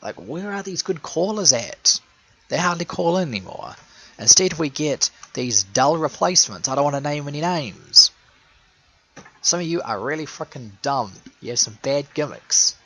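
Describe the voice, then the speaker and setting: A man's voice: a little high, sing-song, normal speed, pushed and bright, rough recording. A man giving a rambling, sarcastic casual commentary, laughing at his own jokes. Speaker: show fan and caller.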